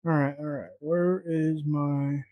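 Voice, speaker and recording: A man's voice: on the high side, flat delivery, takes it slowly, no room sound, narrow, tinny audio. A man cooking at home, talking to himself in a flustered, muttering way and swearing often. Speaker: home cook vlogger. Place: home kitchen.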